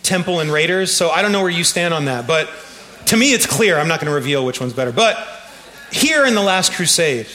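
Guy preaching in a sermon, higher voice, bright tone, lively storytelling. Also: fairly quick. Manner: animated storytelling, laughing and shouting at times. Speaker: pastor.

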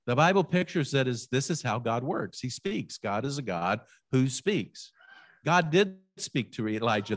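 Guy preaching a sermon, casual and animated, drops to almost a whisper sometimes, dry close sound. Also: mid-range voice, no echo. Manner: animated storytelling, dropping to a near hush on quiet passages; conversational, with humor and direct questions to listeners. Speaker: pastor.

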